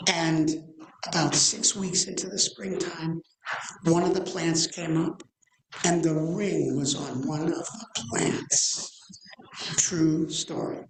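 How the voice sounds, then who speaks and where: A rabbi in his sixties, appearing as a guest speaker, tells a story in a sermon from the pulpit with a fairly high voice. His delivery rises and falls animatedly and stretches into slow, dramatic pauses. The church sanctuary gives a roomy echo, with slight background noise.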